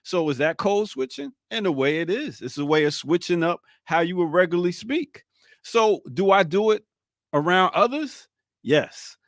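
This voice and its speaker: Reflective higher-voiced male host, dry sound. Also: animated, normal speed, no room sound. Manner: reflective, poses questions to the panel. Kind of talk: talk-show monologue and discussion.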